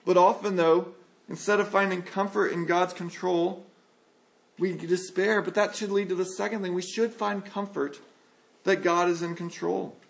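High gravelly-voiced male pastor preaching. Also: steady tone, normal speed. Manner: earnest, plain-spoken preaching with rhetorical questions. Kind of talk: sermon.

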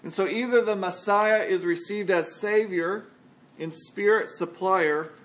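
High-voiced male pastor preaching. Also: measured pace, fairly bright tone. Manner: conversational preaching with scripture reading. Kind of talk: sermon.

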